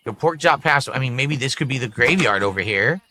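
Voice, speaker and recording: A man in his forties chatting on a gaming livestream in a soft, emotional, musing way. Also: medium pitch, lively intonation, fairly quick. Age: 40s. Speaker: streamer.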